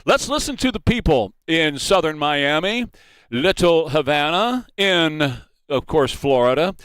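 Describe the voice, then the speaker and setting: Male radio host, fairly high, smooth voice, upbeat partisan monologue. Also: lively intonation, unhurried, a bit bright, dry recording. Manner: enthusiastic, partisan, laughs often. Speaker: morning talk radio host.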